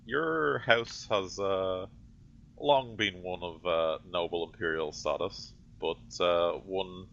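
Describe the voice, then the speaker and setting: A stern interrogator, played by a man, presses a prisoner with accusations. The voice sits very low and gravelly, pausing over his words. The sound is dull and lo-fi. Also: sharp tone, slight background noise, full character voice. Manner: accusing, halting with fillers. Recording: dull lo-fi audio.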